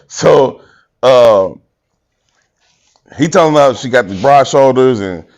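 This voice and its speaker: Animated man telling a story. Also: medium pitch, takes it slowly, highs cut off. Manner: animated, acts out quotes, laughs often. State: tired. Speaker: podcast co-host. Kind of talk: casual storytelling chat.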